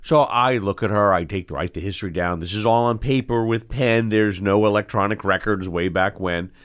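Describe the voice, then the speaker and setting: A middle-aged man, an eye doctor hosting the show, telling stories from his training in an animated, expressive way that acts out the scenes. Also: fairly low pitch, brisk, clean tone. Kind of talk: storytelling in casual conversation.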